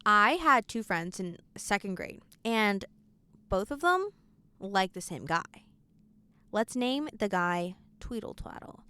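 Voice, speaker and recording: A teenage girl hosting a podcast, telling stories in a quick, animated, laughing way. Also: medium pitch, clean tone, no room sound. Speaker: podcast host. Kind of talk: casual chat.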